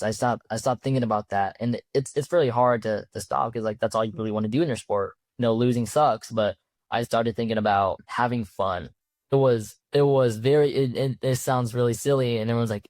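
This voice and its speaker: Young male college wrestler, casual rambler, fillers galore, mid pitch, dry close sound. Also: steady tone, moderate pace, darkish tone, no room sound. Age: young adult. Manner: loose, rambling with many fillers and restarts. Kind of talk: casual storytelling.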